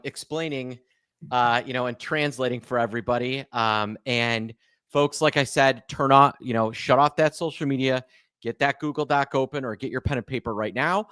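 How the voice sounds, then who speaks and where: A man's voice: mid-range voice, smooth, no room sound. Male host, laid-back and chatty, dry video-call voice. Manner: relaxed, filler-heavy. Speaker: show host introducing guests. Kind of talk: casual live webinar intro.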